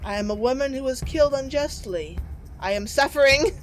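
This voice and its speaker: A woman voicing the ghost of a murdered woman in a horror game, reading her lines low and solemn. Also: animated, fairly quick, slight background noise, poor audio. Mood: mournful.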